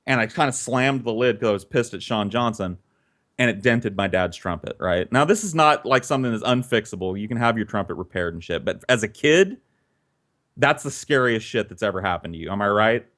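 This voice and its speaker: A man's voice: on the low side, lively intonation, brisk, a bit bright. A man telling a childhood story in a casual, conversational way, swearing freely and animating the tale.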